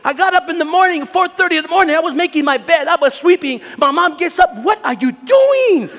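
High-voiced man preaching in an echoing hall. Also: fast talker. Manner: animated, joking, bursts into shouts. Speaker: conference speaker, Bible teacher. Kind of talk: storytelling sermon. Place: large conference hall. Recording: reverberant hall with long echo.

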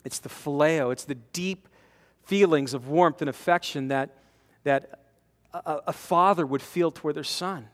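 A man in his forties preaching a conversational sermon to a men's conference, animated, acting out quotes and repeating words as he presses his points. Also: a little high, unhurried. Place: large conference hall. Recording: long hall reverb from a conference.

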